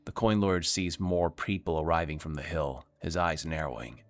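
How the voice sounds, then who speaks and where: A man's voice: sits low, moderate pace, hardly any pauses, soft background music. A man streaming himself reading a narrative game aloud, with wry asides between the lines.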